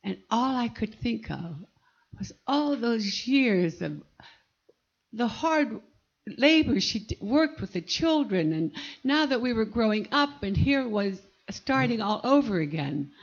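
An older woman from Pennsylvania telling a personal story from her life, vivid and animated. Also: a little high, unhurried, muffled recording. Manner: vivid, animated recollection with acted-out quotes.

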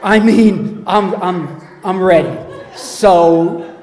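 A middle-aged man tells a story from a stage, his voice a touch high for a man. He rambles and chuckles at himself. The sound rings around a big echoey hall with a long tail. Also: drawn-out words, darkish tone. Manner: rambling, chuckling, self-mocking. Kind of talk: live personal storytelling.

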